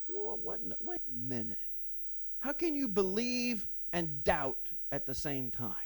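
Male pastor, fairly high voice, passionate sermon, loud swells then soft, asks the room questions. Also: measured pace, vocal fry. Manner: animated preaching with sudden loud rises and soft drops; asks the congregation questions directly.

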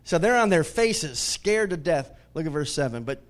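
A male pastor preaching a sermon in a conversational style. He swings between booming emphasis and hushed asides, often chuckles, and asks his listeners questions. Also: sing-song, moderate pace.

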